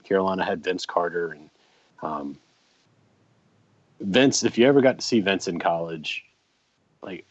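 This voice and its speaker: Podcast co-host, man in his forties, low voice, dry slightly muffled mic, rambling anecdote delivery. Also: no room sound. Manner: rambling anecdotes with many ums and restarts. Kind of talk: casual storytelling.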